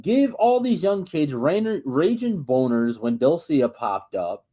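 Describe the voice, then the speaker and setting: A man holds forth on a casual podcast in a somewhat high voice that leaps all over the place. He rants, swears freely and trips over his own restarts before pushing on. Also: slow. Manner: rambling, profane, stammering restarts; animated, ranting. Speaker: podcast co-host.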